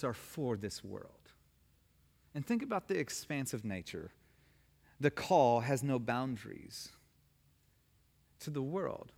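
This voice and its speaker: A pastor delivers a sermon with emphatic, surging preaching, pushing hard on key words. His voice sits a touch high for a man. It rings with the long reverb of a church sanctuary. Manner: emphatic preaching, rising and falling in force.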